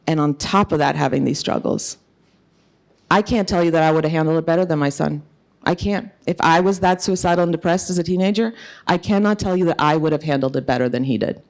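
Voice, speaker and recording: A woman's voice: sits low, quick pace, a little mellow. A middle-aged woman giving an earnest, emphatic conference talk as an author, telling a personal story. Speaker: author and speaker.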